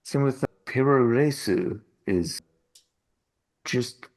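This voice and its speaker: Gravelly, husky man joking on a podcast. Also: on the low side, very animated, measured pace. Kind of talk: casual comic banter.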